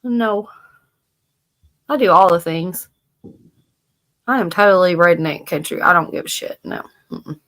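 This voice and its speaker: Southern woman, animated storyteller, salty casual chatter on a live stream. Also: lowish voice, a little slow, long pauses. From American South. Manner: animated storyteller, swears freely. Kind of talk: casual chat.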